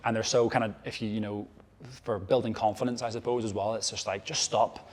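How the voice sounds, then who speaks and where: A man's voice: lowish voice, level tone, brisk. A man talking as a kettlebell coach and podcast guest in a casual chat, swearing freely and acting out what people said. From Ireland.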